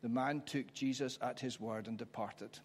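A man preaching a sermon, reflective and conversational, pausing for emphasis. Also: mid-range voice, fairly even intonation, slight background noise. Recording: church hall with long reverb.

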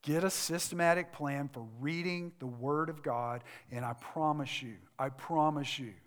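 Pastor preaching in a reverberant hall. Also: male voice, fairly high pitch, steady tone, normal speed. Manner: earnest, repeats phrases for emphasis, drops to a soft intimate tone. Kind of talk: sermon. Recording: long reverb of a large hall.

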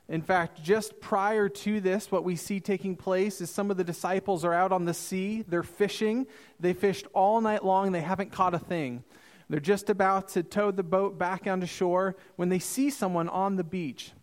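A man in his thirties preaching a sermon, reading scripture and acting out the dialogue with lively storytelling. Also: high-pitched. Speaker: missionary preacher.

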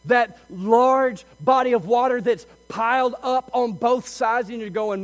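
A man preaching a sermon as pastor, moving between loud, emphatic passages and quiet, intimate asides. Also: sits high, moderate pace, big-room sound, rough recording. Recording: faint mains hum.

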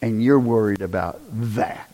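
A man preaching a conversational sermon, often asking the congregation questions and rising to loud, emphatic bursts. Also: on the low side, unhurried. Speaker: pastor.

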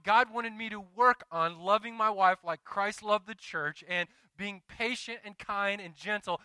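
High, bright-voiced preaching man. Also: smooth, no room sound. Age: adult, married. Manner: conversational, confessional, rising to emphatic exhortation. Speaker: pastor. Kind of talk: sermon.

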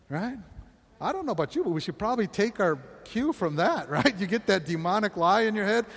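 A man's voice: sits high, lively intonation, moderate pace, pauses often, in a large hall. A man preaching a sermon as pastor, conversational, often laughing and asking the congregation questions.

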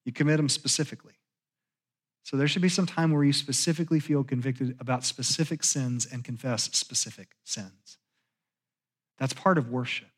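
A man preaching a sermon as pastor in a church, talking conversationally and sinking to hushed tones for confessions. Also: mid-range voice, moderate pace, husky. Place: church sanctuary.

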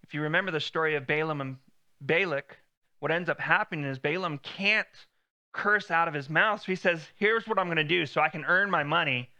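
A man's voice: a little high, fairly quick, bright, forceful tone. A man preaching a sermon in a conversational way, lifting his voice when he quotes God.

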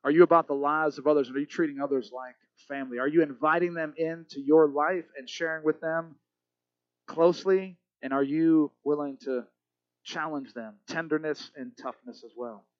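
High-voiced preaching man. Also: fairly even intonation, normal speed, dry recording, muffled recording. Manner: preaching with sweeping shifts from loud to hushed; asks the congregation direct questions. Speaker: pastor. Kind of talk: sermon.

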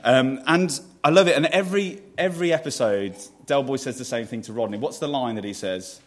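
A man's voice: mid-range voice, a little fast. A man preaching a sermon in a conversational way, putting questions to the congregation and restarting phrases as he goes. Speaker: pastor.

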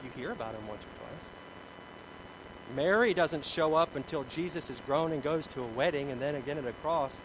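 A middle-aged man preaching a sermon, telling stories about himself in an animated way, with big swings in loudness. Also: fairly high pitch, moderate pace, noisy background. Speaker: pastor.

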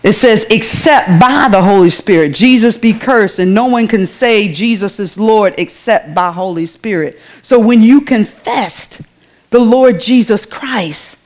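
Lady preaching in church, chatty, keeps asking the congregation to answer back, mid-pitch voice. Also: a little slow, a little mellow. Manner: conversational, calls out to the congregation. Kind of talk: sermon.

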